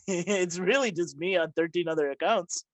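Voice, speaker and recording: A man hosting a podcast, teasing his guest in a wry casual chat and quick to laugh. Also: sits high, animated, fairly bright tone. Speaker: podcast host.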